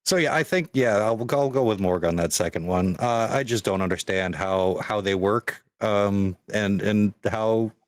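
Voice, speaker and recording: Male player, low voice, dry sound, halting delivery. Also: no room sound. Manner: hesitant, with fillers and restarts. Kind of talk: casual chat about his character.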